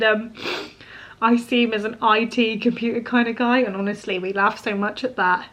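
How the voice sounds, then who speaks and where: Young woman, from England, casual vlog chat, chatty, teary, laughs a lot, slightly high voice. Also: steady tone, moderate pace, a bit bright, slight background noise. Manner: chatty, emotional, laughs often. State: teary, crying at times. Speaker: vlogger, homemaker.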